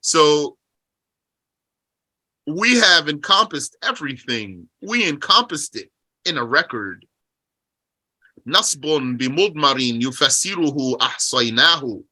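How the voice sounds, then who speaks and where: A man with a very bright, forward voice and a fairly high pitch teaches a religious text. He reads Arabic lines at speed, then slows down to explain them in English and poses questions to his listeners. The sound is close and dry. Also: expressive, dry recording. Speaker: teacher explaining a Qur'an commentary.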